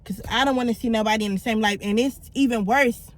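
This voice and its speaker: A woman's voice: fairly high pitch, fast. A middle-aged woman vlogger telling her own story in a candid, blunt and slangy way. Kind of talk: confessional storytelling.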